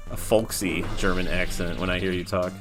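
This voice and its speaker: A man's voice: low-pitched, fairly even intonation, normal speed, music in the background. A man casually commenting on his own game during a livestream, rambling and laid-back, with the odd swear. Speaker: game developer streamer.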